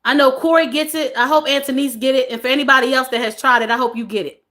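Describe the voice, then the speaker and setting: A woman's voice: high voice, fairly even intonation, fast, sharp tone. A woman in her forties hosting a casual livestream, reading viewers' comments aloud, laughing often and repeating their names. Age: 40s. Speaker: livestream host.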